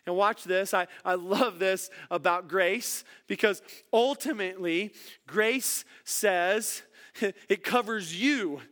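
Animated male pastor preaching a sermon. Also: high-pitched, slow pace. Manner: animated, swings from soft to emphatic, repeats words.

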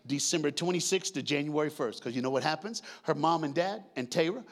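A man in his sixties preaching a lively sermon, leading the congregation in call-and-response, shouting and half-singing at the peaks and joking in between. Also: a little high, fairly quick. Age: 60s. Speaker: guest preacher.

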